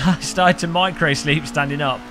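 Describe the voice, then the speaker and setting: A man streaming a racing game, joking and rambling with frequent laughs, a little hoarse after hours of talking. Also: on the high side, steady tone, normal speed. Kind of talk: live-stream gaming commentary. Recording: game car engine noise behind.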